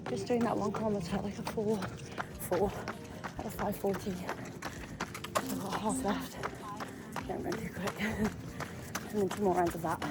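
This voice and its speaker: A woman's voice: medium pitch, fairly even intonation, normal speed, pauses often. A young woman vlogging while on a long run, chatty and out of breath, often tired and talking herself through it. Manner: chatty, self-talk while running, often breathless and weary. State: out of breath, exhausted. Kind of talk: running vlog, talking to camera. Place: outdoors, on a run. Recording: noisy outdoor ambience.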